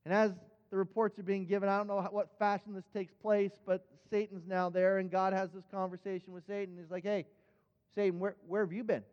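A man's voice: high-pitched, flat delivery, a little fast, hardly any pauses, a little mellow, clean tone. A man preaching a sermon in church who speaks earnestly and stumbles into repeated words as he starts each phrase. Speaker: pastor. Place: church sanctuary. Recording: dull, echoing church hall.

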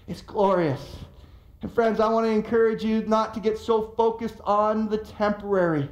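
High-voiced pastor preaching in an echoey room. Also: male voice, normal speed, muffled recording. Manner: animated, emphatic storytelling. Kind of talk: sermon.

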